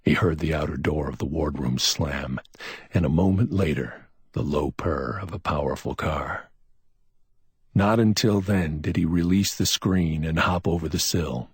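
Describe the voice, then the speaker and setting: A man narrating a crime story in a measured, dramatic storytelling manner, recorded on a close mic. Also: a bass voice, husky, no room sound. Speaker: audiobook narrator. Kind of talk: scripted narration.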